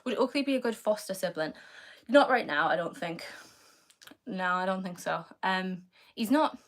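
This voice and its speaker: A woman's voice: medium pitch, expressive, normal speed. A young British woman chatting casually on a live stream, reading viewers' comments aloud and answering them in a loose, filler-heavy way. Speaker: livestreamer answering chat.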